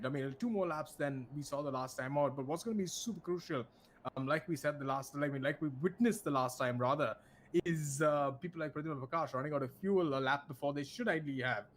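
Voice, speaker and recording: A man's voice: a little high, fairly quick, a little hiss or hum. A man commentating an online racing event, chatty and full of restarts. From India. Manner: chatty, many restarts, laughs easily. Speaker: esports race commentator. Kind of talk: live race commentary.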